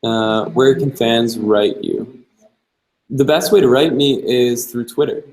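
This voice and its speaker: A man's voice: mid-range voice, steady tone, takes it slowly, darkish tone, low-quality recording. Easygoing young man. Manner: easygoing, thinks aloud while answering. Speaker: travel vlogger host. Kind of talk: live-stream viewer Q&A.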